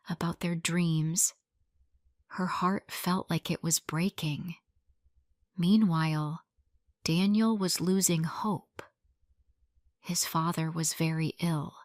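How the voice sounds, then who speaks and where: A woman's voice: low-pitched, steady tone, a little mellow, dry recording, studio quality. A woman reading a simple love story aloud as narrator for English learners. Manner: slow, clear, simple storytelling.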